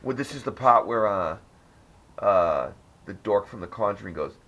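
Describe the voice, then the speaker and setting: A man's voice: on the low side, lively intonation, normal speed, a bit bright. A man hosting a casual podcast, telling a rambling, profanity-laced story. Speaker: podcast host. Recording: dull lo-fi audio with faint noise.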